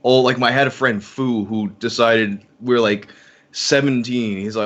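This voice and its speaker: A man's voice: medium pitch, steady tone, moderate pace, a bit bright, highs cut off. A man guesting on a podcast, rambling casually and swearing offhandedly. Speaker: podcast guest, online video maker.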